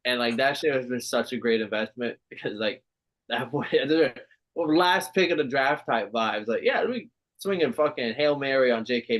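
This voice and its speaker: Guy co-hosting a football podcast, animated, swears a lot, mid pitch. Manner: animated, swearing, laughing often. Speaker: podcast co-host. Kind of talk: casual sports chat.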